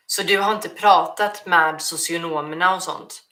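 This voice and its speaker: A woman from Sweden, a native Swedish speaker, streams a casual Q&A in a lowish voice with a steady, sharp tone at normal speed. She reads her viewers' questions out loud and frequently starts her sentences over.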